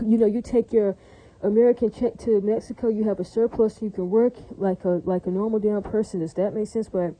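A woman's voice: mid-range voice, steady tone, brisk, mellow, poor audio. A woman vlogging in a casual, rambling monologue, blunt and crude, with many fillers, who keeps asking her listeners "right?". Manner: chatty, keeps asking "right?" and "does that make sense?".

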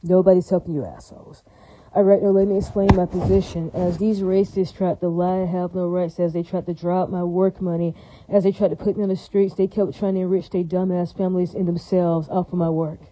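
A man's voice: high-pitched, level tone, brisk, dark tone, low-quality recording. A man delivering a repetitive, profane, insistent ranting monologue as a vlogger.

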